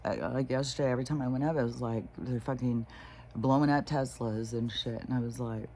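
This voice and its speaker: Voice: mid-range voice, steady tone, brisk, a little mellow, a little hiss or hum. A spiritual vlogger in a rambling, casual monologue, swearing freely, often restarting sentences and trailing off into short laughs. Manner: profane, agitated, with mocking put-on voices of others.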